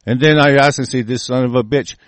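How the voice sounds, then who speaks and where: A man's voice: mid-range voice, fairly even intonation, fairly quick, dry recording. A man delivering an angry, profane political rant, combative and swearing constantly. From United States.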